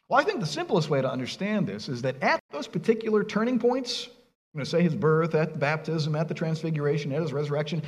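A man's voice: a little high, in a large hall. A middle-aged man preaching a sermon, earnest and emphatic, asking the congregation rhetorical questions. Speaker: pastor.

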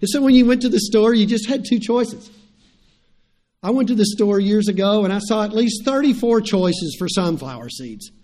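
A man's voice: sits high, expressive, normal speed, a little mellow. A middle-aged man, preaching a sermon in a conversational way, repeating phrases and turning to the congregation with asides. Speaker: pastor.

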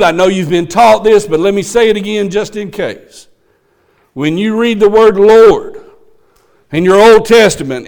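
High-voiced preacher building intensity. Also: male voice. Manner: builds from quiet asides to emphatic proclamation; folksy, teasing a colleague. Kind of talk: sermon.

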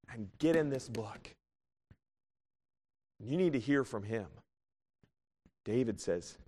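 Man, 30s, pastor, sermon, fervent bursts and hushed pleas, long church reverb. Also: medium pitch, lively intonation, slow, long pauses. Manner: impassioned preaching with rising bursts and hushed pleas. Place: church sanctuary.

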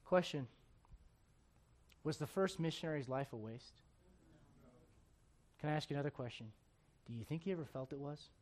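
A man preaching a sermon. He swings between quiet, close asides and loud, emphatic preaching, and keeps asking his listeners rhetorical questions. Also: on the high side, lively intonation, normal speed, pauses often. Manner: asks the congregation rhetorical questions.

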